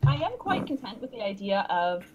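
A woman's voice: medium pitch, brisk, lo-fi sound, a little hiss or hum. A woman hosting a podcast, teasing her guests and running the questions in casual chat. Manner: teasing, lively. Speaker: podcast host.

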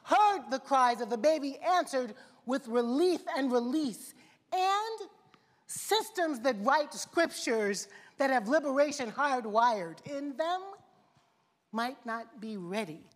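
A woman preaching to a congregation, her voice sitting a little high. She builds her points through repeated phrases and direct questions to the listeners. The sound trails off in the long reverb of a big church hall. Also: lively intonation, slow pace. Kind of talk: sermon.

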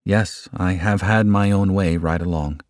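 A man's voice: sits low, steady tone, a little slow, a little mellow, no echo, studio quality. A man reading the simple replies of a humble, poor, lame old man in an audiobook.

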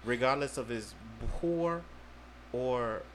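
Podcast guy, mid-pitch, earnest, keeps checking you're following. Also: slow, a bit bright, a little hiss or hum. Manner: earnest, repeats "you understand me". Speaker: podcast host. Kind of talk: casual podcast chat.

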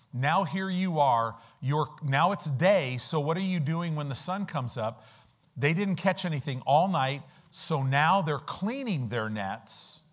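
A pastor preaching a sermon, telling stories with lively rhetorical questions and acted-out quotes. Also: male voice, fairly high pitch. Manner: animated storytelling with rhetorical questions. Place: church in the Midwest.

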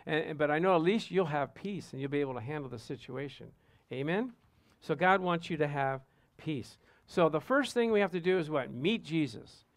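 A man's voice: on the high side, no room sound. A man preaching as a pastor, telling personal stories and calling out to the congregation for an amen. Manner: animated storytelling, asks congregation "Amen?".

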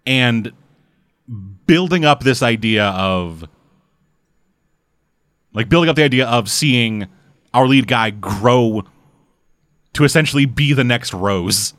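A man co-hosting a casual chat, swearing freely and acting out quick character voices. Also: medium pitch, expressive, a bit bright, no room sound, studio quality. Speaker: podcast co-host.

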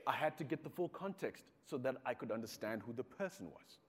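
A man's voice: medium pitch, lively intonation, fairly quick, a little hiss or hum. A Zimbabwean man giving a talk to an audience, telling stories and acting out the voices he quotes. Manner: storytelling, acts out quoted voices. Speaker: speaker. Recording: long hall reverb.

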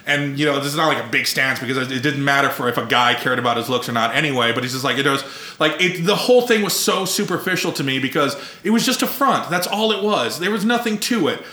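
A man's voice: medium pitch, lively intonation, fast, sharp tone. A man hosting a podcast, telling profane, self-mocking stories about his childhood and laughing often. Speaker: podcast host. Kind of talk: casual podcast chat. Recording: roomy echo.

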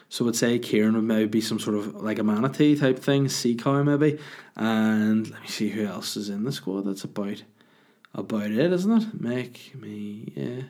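Answering listener questions, a podcast host rambles, jokes and swears freely. His voice is on the low side and a little mellow.

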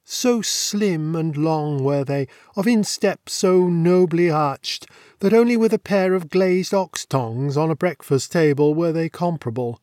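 A man reading a classic novel aloud as an audiobook narrator, with measured, wry and elegant phrasing. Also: fairly high pitch, darkish tone, no echo, clean studio sound.

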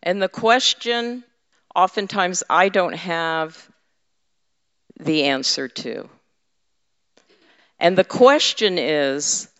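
A woman preaching a conversational sermon to her congregation, candid and humorous, teasing her listeners. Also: low voice. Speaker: women's ministry leader and preacher. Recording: echoey hall, slightly dull sound.

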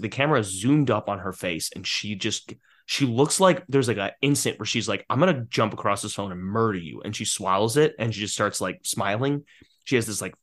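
A man's voice: mid-range voice, fairly bright tone. A man co-hosting a podcast, talking casually and animatedly about a film, laughing often and restarting his sentences. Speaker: podcast co-host.

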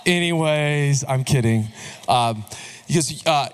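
A man in his thirties, a pastor, delivers a sermon in a conversational, joking way. His pitch swings lively, and his pace is a little slow.

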